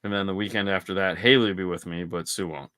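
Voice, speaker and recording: A man's voice: sits low, steady tone, quick pace, pushed and bright, dry recording. A man co-hosting a casual podcast chat, telling long, profane, rambling stories. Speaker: podcast co-host.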